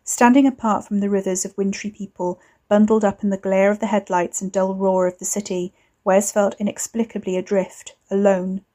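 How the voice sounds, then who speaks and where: A woman narrating a serialized novel in a steady, measured storytelling voice. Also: mid-range voice. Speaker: author and reader. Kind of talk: audiobook fiction narration.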